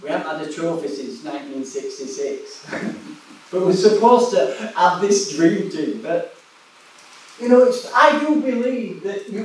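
A man's voice: high-pitched, expressive, measured pace, a little mellow, slight background noise. A man preaching a sermon in a chatty way, often asking his listeners questions. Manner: chatty, asks the audience questions. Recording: echoey room from far off.

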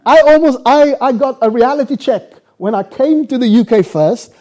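A preacher from South Africa telling his story in a sermon, acting out the dialogue and breaking into quick laughs. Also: very high voice, darkish tone.

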